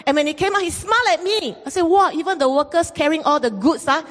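A woman pastor preaching a sermon, telling stories in an animated way and acting out the voices in them. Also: sits high, fast talker. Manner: animated storytelling, acts out quoted voices, repeats phrases. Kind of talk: sermon with storytelling. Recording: long reverb from a hall.

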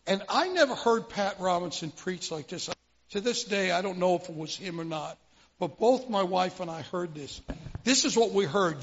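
An older man with a high, gravelly voice tells his personal testimony, acting out the scenes as he goes and often restarting his sentences. The recording sounds muffled, and his voice rings with a long hall reverb. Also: animated, normal speed. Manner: vivid storyteller, acts out scenes, frequent restarts. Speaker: speaker giving his testimony.

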